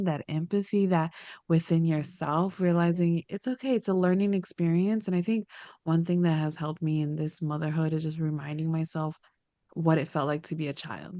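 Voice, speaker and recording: A woman's voice: fairly low pitch, warm tone, dry recording. A woman hosting a podcast, speaking in an encouraging, reflective way and acting out her own inner thoughts as she talks. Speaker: podcast host. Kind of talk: conversational podcast interview.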